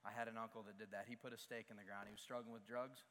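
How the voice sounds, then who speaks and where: A young man delivers a sermon in a bright, forceful voice that carries through a large church hall with a long reverb tail. He speaks in an earnest, confessional way and builds to emphatic peaks. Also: fairly low pitch, little pitch movement, rapid-fire. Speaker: pastor.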